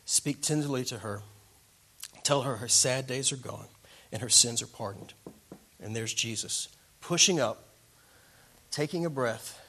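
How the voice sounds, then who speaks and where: A man preaching a sermon, slowing down for emphasis and swinging between loud declarations and hushed, quiet lines. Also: medium pitch. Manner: slows down for emphasis. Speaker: pastor.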